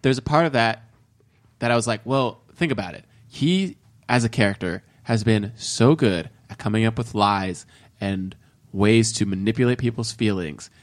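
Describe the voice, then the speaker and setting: A man's voice: on the low side, normal speed. A young man co-hosting a podcast, chatting casually about a film and acting out its lines. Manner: animated, acts out movie lines in voices. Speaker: podcast co-host. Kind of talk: casual movie discussion.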